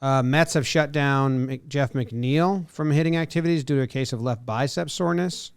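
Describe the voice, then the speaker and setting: A man's voice: mid-range voice, normal speed, smooth, no room sound, clean studio sound. A man co-hosting a casual sports podcast, reading injury reports aloud and breaking off to joke and comment. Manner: reads news items aloud, then jokes and comments.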